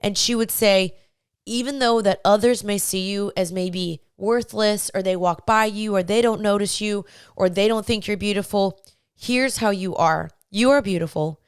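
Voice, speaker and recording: A woman's voice: medium pitch, moderate pace, clean tone, no echo, clean studio sound. A young woman hosting a faith-based podcast, talking straight to listeners in a chatty, encouraging way. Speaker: podcast host. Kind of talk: faith-based advice talk.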